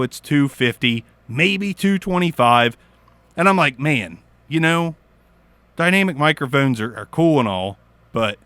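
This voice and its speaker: Southern-accented man, casual mic reviewer, crude and goofy, lively pitch, dry sound. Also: no echo. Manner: goofy, swearing, crude jokes, sudden loud outbursts. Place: small home studio.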